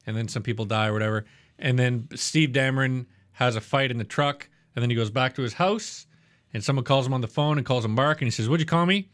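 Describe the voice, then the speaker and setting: A man's voice: mid-range voice, steady tone, fast talker, a bit bright. A man co-hosting a podcast, casually reviewing a TV episode in a blunt, profane, rambling way. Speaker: podcast co-host.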